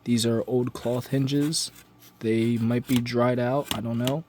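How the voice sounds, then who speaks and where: A man's voice: mid-range voice, steady tone, slow, darkish tone, slight background noise. A man talking casually while he works on a model plane in his home workshop, rambling and offhand, with slang and swearing. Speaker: hobbyist building a model plane.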